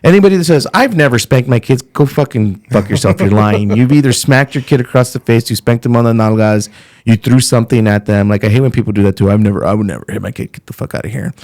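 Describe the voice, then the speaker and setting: A man's voice: fairly low pitch, quick pace, a little mellow. A middle-aged man, a comedian guest on a podcast, telling blunt, profane, rambling stories in casual chat.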